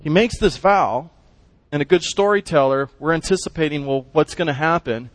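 A man teaching a Bible lesson to a class, animated and asking his listeners questions as he explains the text. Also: a little high, normal speed, no echo.

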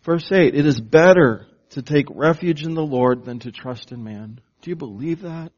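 A man preaching a sermon, slow and emphatic, asking the congregation questions and waiting for answers. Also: a little high, a little mellow, highs cut off. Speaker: pastor.

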